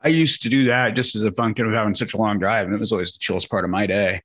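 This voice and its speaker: A man's voice: on the low side, steady tone, rapid-fire, a bit bright. A man co-hosting a podcast in casual chat, laid-back with a wry, profane way of talking. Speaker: podcast co-host.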